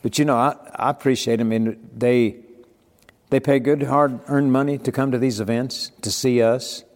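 An older man chats in a relaxed, folksy way, acting out the people in his stories. His voice is dark and mellow. The room rings with a long echo. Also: mid-range voice, normal speed. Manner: folksy storyteller, acts out quoted dialogue. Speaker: podcast guest. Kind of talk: casual storytelling.

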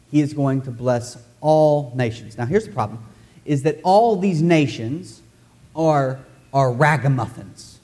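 A man's voice: on the high side, darkish tone. A man preaching a sermon in a church, loose and conversational, cracking jokes and speaking straight to the congregation. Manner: joking, conversational, addresses the congregation directly. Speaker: pastor.

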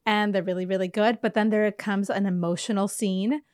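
A woman co-hosts a podcast in chatty, relaxed conversation, her sentences sprinkled with "like". Her voice sits at a middling pitch and sounds close and dry, with no room echo. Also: a little fast, clear, resonant tone. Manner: chatty, lots of "like" fillers. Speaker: podcast co-host. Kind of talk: casual podcast chat.

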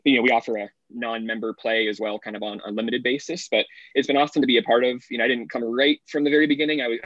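Podcast guest: man, low and even voice, steady and explanatory, dull dry remote sound. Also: dry recording. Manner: steady, explanatory, frequent "you know" fillers. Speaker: assistant golf professional, guest. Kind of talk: casual podcast interview.

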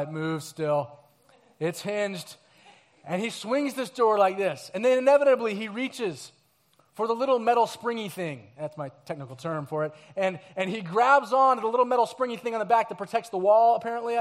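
Guy pastor telling a story at christmas eve service, kinda high voice, lots of acting out. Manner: storytelling, animated, acts out scenes and quotes. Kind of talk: sermon.

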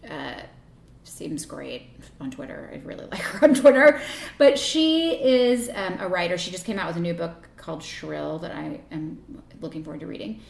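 A woman in her thirties casually telling stories, often trailing off softly. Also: lowish voice, lively intonation, normal speed, vocal fry, reverberant. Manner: chatty storytelling, trails off softly. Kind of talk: casual chat.

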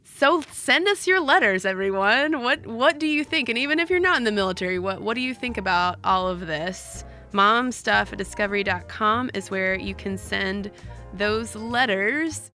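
A woman's voice: medium pitch, expressive, normal speed, sharp tone, faint music behind. A woman co-hosting a podcast, chatting casually with restarts and reading listener mail aloud. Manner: chatty, restarts and repeats words. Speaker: podcast co-host.

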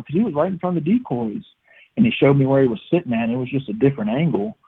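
A young man excitedly telling a hunting story as a guest, acting out every line he quotes. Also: on the high side, very fast, breathy edge, phone-quality sound. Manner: excited, animated retelling with acted-out quotes. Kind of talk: casual storytelling.

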